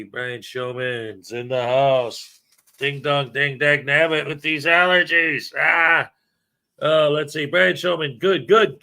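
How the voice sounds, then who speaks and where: A man's voice: a little high, pushed and bright. A man hosting a casual livestream, chatting loosely, telling jokes and greeting viewers by name. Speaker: livestream host. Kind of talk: casual live-stream chat.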